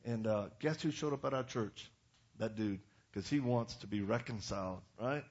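A middle-aged man preaching, telling stories in a blunt, animated way with quick asides to the audience. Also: on the low side, breathy edge, highs cut off. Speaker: pastor. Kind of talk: storytelling sermon.

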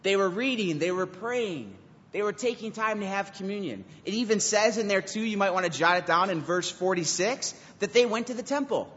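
A young man, a youth pastor, giving an animated sermon and acting out quotes from teens and God. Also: high-pitched, brisk. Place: church hall. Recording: dull lo-fi recording with hall reverb.

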